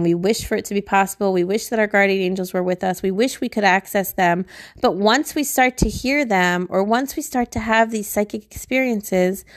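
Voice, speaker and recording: A woman talks through a spiritual lesson on her podcast in a relaxed, chatty way. Her voice sits in the middle of the range, and she fills her sentences with likes and ums. She sounds informal and conversational. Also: medium pitch, no room sound, clean studio sound. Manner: chatty, informal, with fillers and laughs. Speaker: podcast host and spiritual teacher. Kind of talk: casual podcast teaching.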